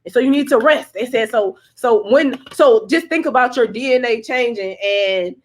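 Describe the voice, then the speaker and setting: This tarot reader's voice sits a little high, and she speaks animatedly at a moderate pace. Reading cards casually for a livestream, she wanders off topic, curses, laughs a lot, and says things twice to drive them home.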